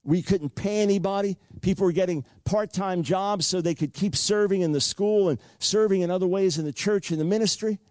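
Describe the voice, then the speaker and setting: A man's voice: high voice, fairly quick, few pauses, darkish tone, no echo, clean studio sound. An older man preaching a sermon, telling a personal story earnestly and repeating words for emphasis.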